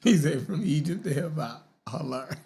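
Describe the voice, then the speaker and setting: A man's voice: fairly high pitch, expressive, moderate pace, gravelly, dark tone. A man with a Baltimore accent hosting a podcast in a casual commentary style, who keeps asking his listeners "right?". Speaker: podcast host.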